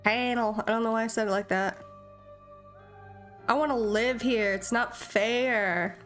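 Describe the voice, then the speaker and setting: A woman's voice: on the high side, fairly even intonation, unhurried, faint music behind. A young woman streaming a video game, chatting casually in a playful, self-mocking way. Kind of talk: casual live-stream chat.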